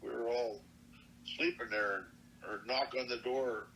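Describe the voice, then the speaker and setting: A man's voice: mid-range voice, steady tone, measured pace, bright, forceful tone, slight background noise, low-quality recording. Plainspoken older man telling a story. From Montana, US. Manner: plainspoken, earnest, salty. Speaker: elder storyteller. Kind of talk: personal oral-history storytelling.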